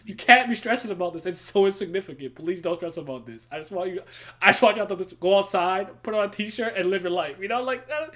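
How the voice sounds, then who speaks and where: A man's voice: sits high, expressive, fast talker, pushed and bright. A man hosting a casual podcast chat, telling a rambling story and breaking into laughter often. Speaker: podcast host.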